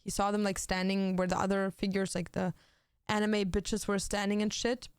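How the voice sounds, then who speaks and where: A woman's voice: mid-range voice, little pitch movement, normal speed, clear, resonant tone, no echo, studio quality. A young woman streaming, chatting casually while she plays, blunt and swearing freely with lots of fillers. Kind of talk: casual chat while gaming.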